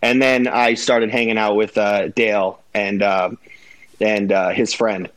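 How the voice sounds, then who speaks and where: Man telling animated, profane stories. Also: fairly low pitch, unhurried. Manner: animated, profane, laughs through his stories. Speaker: guest. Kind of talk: casual storytelling.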